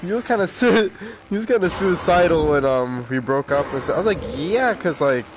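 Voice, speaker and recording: A man in casual chat, animated and slangy, laughing often. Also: on the high side, moderate pace, a loud crowd. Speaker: podcast co-host.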